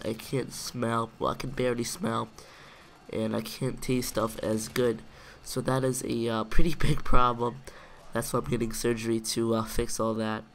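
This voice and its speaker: Nasal Israeli-accented man, slow. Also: medium pitch, slight background noise. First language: Hebrew. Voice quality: nasal, congested-sounding. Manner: slow and deliberate, pausing to find English words. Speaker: gaming video commentator. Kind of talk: casual talk to camera.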